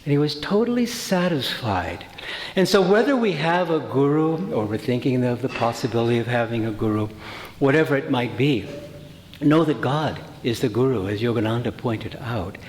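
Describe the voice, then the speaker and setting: A man at a middle pitch gives a spiritual talk to a retreat group, chatty and full of stories, often stopping to restart a phrase. His voice carries a roomy echo with a long reverb tail from the hall. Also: animated, moderate pace, a little mellow, slight background noise. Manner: anecdotal, conversational, many fillers and restarts. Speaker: retreat teacher.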